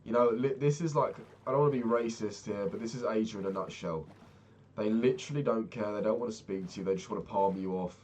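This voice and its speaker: A man's voice: on the low side, fast, a little hiss or hum. A young man casually telling a rambling, profane travel story as a vlogger. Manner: profane, rambling, animated retelling.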